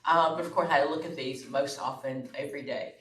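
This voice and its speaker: A woman's voice: deep voice, steady tone, brisk, a bit bright. Woman lecturing in an echoey room. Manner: conversational, checks in with "okay?" and "right?". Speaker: instructor. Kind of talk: classroom lecture. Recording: echoey room, far from the mic, faint room noise.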